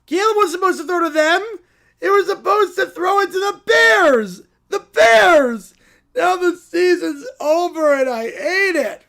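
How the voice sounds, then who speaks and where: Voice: very high voice, a little slow, a little mellow. A streamer voicing a whiny toy bear, a football fan who sobs and wails over a loss, in a comedy skit on a live stream. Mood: tearful. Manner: sobbing, wailing complaints.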